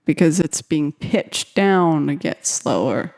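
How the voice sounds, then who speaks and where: A young woman talks her way through making a beat at home, chatty and giggly, half to herself and half to viewers. She speaks at an unhurried pace in a mellow, darker tone. The recording is close and dry. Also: sits low, lively intonation, no room sound. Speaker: beatmaker making a track on camera. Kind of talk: casual chat while making music.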